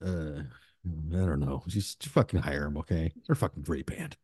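A man hosting a podcast in casual chat, rambling through profane shout-outs. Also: rumbling low, sing-song, normal speed, breathy edge, dry recording, clean studio sound. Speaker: podcast host.

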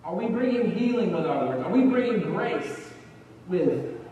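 A man's voice: high-pitched, sing-song, a little slow, warm tone, highs cut off, slight background noise. A man preaching a sermon in a conversational way, often repeating words as he gets going. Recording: echoey hall, far from the mic.

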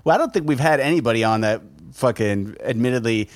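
A man's voice: mid-range voice, animated, fast talker, dry recording. A man hosting a podcast, chatting loosely and joking, often breaking into laughter. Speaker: podcast host. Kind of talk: casual chat.

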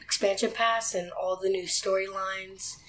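A woman's voice: mid-range voice, steady tone, a little slow, a crowd in the background, poor audio. Easygoing woman chatting about games. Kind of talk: casual gaming podcast chat.

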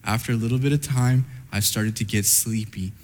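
A man preaching a sermon who retells a Bible story in an animated way and speaks directly to his listeners. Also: lowish voice, brisk, big-room sound.

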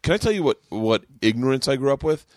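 A middle-aged man from Florida hosting a podcast, telling crude, animated stories and acting out what people said. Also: mid-range voice, quick pace, no echo, studio quality. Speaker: podcast host. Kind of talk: casual comedy chat.

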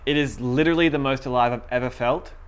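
A man's voice: mid-range voice, quick pace, clean tone. A young man giving a casual, conversational sermon to a small group, retelling a story with quoted voices.

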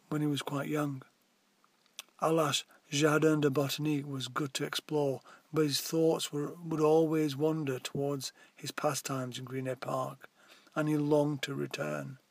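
A man reads a story aloud, slipping into animated voices for the characters. His voice sits a little high and has a husky edge. The sound is dry and close. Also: no echo. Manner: reads dialogue with lively put-on voices. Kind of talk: storybook narration.

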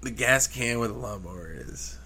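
A man's voice: medium pitch, animated, moderate pace, pushed and bright. A man telling a long casual story as a podcast co-host, swearing often and imitating engine noises.

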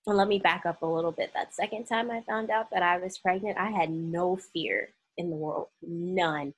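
Husky young woman telling a story. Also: on the low side, normal speed, low-quality recording. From Oklahoma, US. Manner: animated storytelling, acting out quoted voices. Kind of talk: personal storytime vlog.

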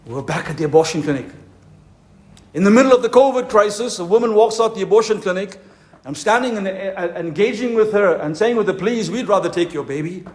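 A man preaching a fervent conference sermon as a pastor, with slow, emphatic, stressed phrases. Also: sits high, expressive. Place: conference hall.

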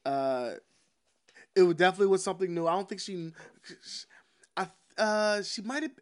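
A man's voice: sits high, animated, normal speed, clean tone. A man, co-hosting a podcast in casual chat, telling laid-back, slangy stories and laughing often. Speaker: podcast co-host.

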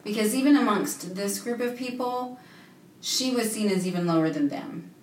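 A woman co-hosting a Bible study podcast, talking in a calm, thoughtful way. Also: mid-range voice, normal speed. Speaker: podcast co-host. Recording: echoey and distant with faint noise.

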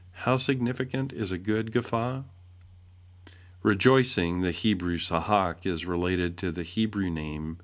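A man reading a devotional essay aloud in a measured way, posing rhetorical questions. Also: on the low side. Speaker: essay reader.

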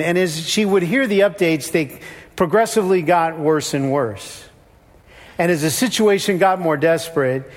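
High-voiced male preacher in a reverberant hall. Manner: conversational, shifts pitch when quoting. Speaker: pastor. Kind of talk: sermon. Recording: long reverb of a church hall.

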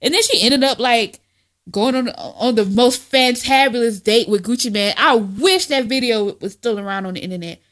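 A woman in her twenties co-hosting a podcast, telling loud, profane stories full of mocking impressions. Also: on the high side, moderate pace. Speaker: podcast co-host. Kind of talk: casual chat.

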